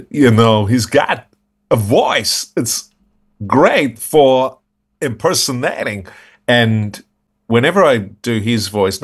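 A man, a guest impressionist, telling animated stories in an interview with frequent restarts and laughs. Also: on the low side. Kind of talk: interview chat.

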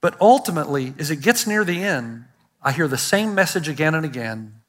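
An older man, a pastor, preaching a sermon to a congregation, telling stories and driving his points home with loud emphatic lines and quiet asides. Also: a little high, expressive, a little fast. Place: church auditorium. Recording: live sermon in a large hall with long reverb.

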